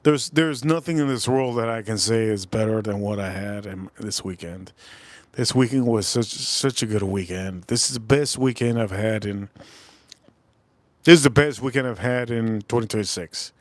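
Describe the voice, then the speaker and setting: A man's voice: fairly low pitch, normal speed, no room sound. A man hosting a live stream in a loose, repetitive, chatty way, calling out viewers' names one after another. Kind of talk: casual live stream chat.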